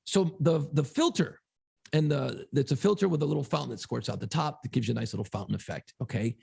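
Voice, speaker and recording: A man co-hosting a podcast, telling a long story in a casual, profane, animated way. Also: mid-range voice, fast talker, gravelly, breathy edge. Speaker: podcast co-host.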